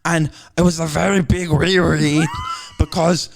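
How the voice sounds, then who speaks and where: Man doing a naive talking greyhound, gravelly and a bit high, broken English. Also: normal speed, slight background noise. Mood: naive storytelling. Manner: broken English, childlike storytelling. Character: a talking greyhound dog, male, naive and chatty.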